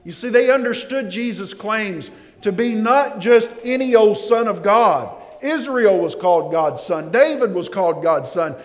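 A man preaching a sermon in a church, swinging between loud emphasis and quiet drops, calling on the congregation to respond. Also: high voice, animated, a little slow, few pauses. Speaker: pastor. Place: church sanctuary. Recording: long reverb of a large hall.

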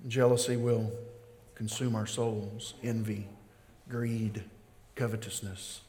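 A man preaching a sermon as pastor, slow and emphatic, building in intensity. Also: lowish voice, level tone, warm tone. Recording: long reverb of a large hall.

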